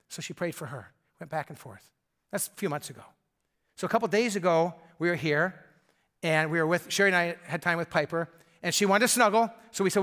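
An older man, a grandfather, preaching a sermon in a conversational, storytelling way that often drops to soft, intimate tones. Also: sits high, fast talker. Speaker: pastor.

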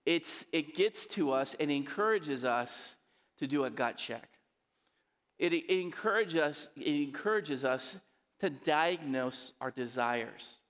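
Guy pastor preaching, kinda high voice, chatty, keeps asking the crowd to talk back, big echoey church. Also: fairly bright tone. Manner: conversational, asks the congregation to respond. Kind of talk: sermon.

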